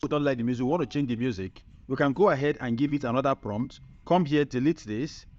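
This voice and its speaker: A man presenting a screen-recorded software tutorial, upbeat and chatty, often checking in with the viewer. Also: medium pitch, fast, faint music behind. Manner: upbeat, chatty, keeps asking "right?". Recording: muffled lo-fi sound.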